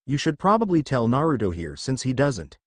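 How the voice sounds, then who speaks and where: An indignant teenage boy who keeps complaining, as a male narrator puts him on. His lines swing in pitch with a put-upon edge. The sound is dry and close. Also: sing-song, fairly quick, dry recording. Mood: sheepish. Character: exasperated teenage boy, nephew.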